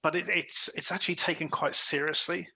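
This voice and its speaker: A man's voice: fairly high pitch, fairly even intonation, brisk, creaky, sharp tone, breathy edge, low-quality recording. A man co-hosting a casual film review podcast, chatting with lots of fillers and restarts and acting out quoted lines. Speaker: podcast co-host.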